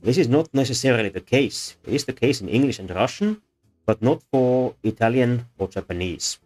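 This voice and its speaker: A man's voice: medium pitch, expressive, moderate pace, a little mellow, faint music behind. A man giving an unscripted talk on language sounds, thoughtful and hesitant, with frequent fillers and restarts. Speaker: presenter. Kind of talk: unscripted explanatory lecture.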